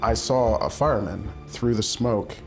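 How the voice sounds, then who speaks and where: Quiet male survivor, slow and searching. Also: fairly low pitch. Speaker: survivor interviewee. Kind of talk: interview testimony. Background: music.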